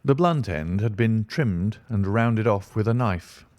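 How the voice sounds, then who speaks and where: Slow, steady male audiobook narrator. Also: fairly low pitch, no echo. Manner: steady, descriptive storytelling.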